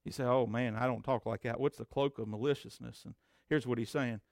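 A man preaching a sermon as pastor, swinging between loud emphatic declarations and low conversational asides. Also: fairly even intonation, fairly quick, creaky, no echo, studio quality.

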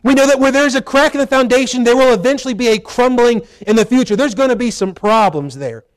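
A man preaching from a church pulpit, his voice sitting notably high for a man. He talks in a folksy way, slipping into quoted asides and moving between teaching and prayer. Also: quick pace. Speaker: pastor. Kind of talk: sermon. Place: church sanctuary.

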